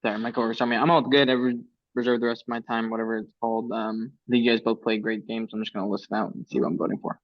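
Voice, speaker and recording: A man on the jury asking a quick question of the finalists and then signing off in a friendly way. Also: mid-range voice, little pitch movement. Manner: brisk, friendly sign-off. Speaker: juror. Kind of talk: casual online call. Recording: dull lo-fi mic.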